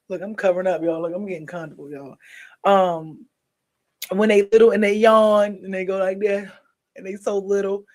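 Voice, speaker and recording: A woman's voice: mid-range voice, a little mellow. A sleepy woman hosting a casual livestream, chatting straight to her viewers and jumping from topic to topic as she yawns. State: sleepy, yawning. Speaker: livestream host. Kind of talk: casual live-stream chat.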